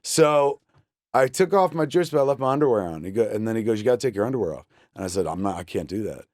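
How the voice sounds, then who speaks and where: A man's voice: on the low side, animated, fast talker, darkish tone, no room sound, studio quality. A man in his forties telling a comic story as a guest on a chat show, acting out every person he quotes.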